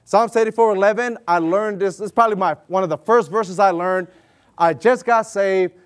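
A middle-aged man preaching a sermon, telling stories and acting out dialogue in an animated way. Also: sits high, moderate pace. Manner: animated, storytelling, acts out dialogue. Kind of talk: sermon with personal story.

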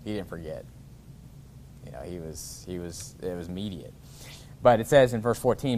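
A man preaching a sermon in a relaxed, informal way, chuckling often and breaking off to restart his sentences. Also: low-pitched, a little hiss or hum. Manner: reads scripture in a slower, formal cadence. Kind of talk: sermon with scripture reading.

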